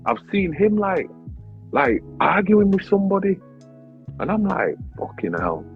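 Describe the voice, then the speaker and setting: A man, a grime artist and battle rapper telling a story in a casual interview, animated, swearing often and saying "bro" all the time. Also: high-pitched, unhurried, vocal fry. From Leeds, England. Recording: tinny phone-like sound with faint music.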